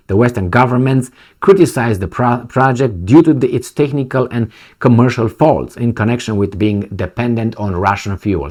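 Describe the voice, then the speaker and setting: Middle-aged man, commentary vlogger, indignant and sarcastic, very lively pitch. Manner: sarcastic, indignant, swings between loud outbursts and muttered asides. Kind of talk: reading news and ranting.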